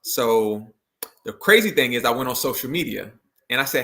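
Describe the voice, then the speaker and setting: A man's voice: medium pitch, animated, normal speed, sharp tone. A man, a motivational speaker and education consultant, telling a story in a video interview. He speaks loosely, with many likes, and acts out the quotes.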